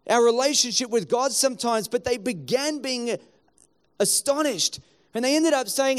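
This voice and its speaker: A man, preaching a sermon as pastor and acting out the townspeople he quotes. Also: very high-pitched.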